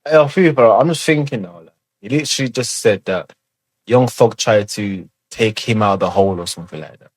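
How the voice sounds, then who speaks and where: A man's voice: lowish voice, brisk, no room sound. A man giving casual commentary as a reaction video host, loose and rambling, full of fillers and swearing.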